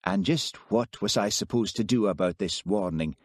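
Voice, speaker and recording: A man doing a skeptical Highland policeman. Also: normal speed, no echo, close to an everyday voice. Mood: exasperated. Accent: Scottish Highland. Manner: dry, mocking, exasperated.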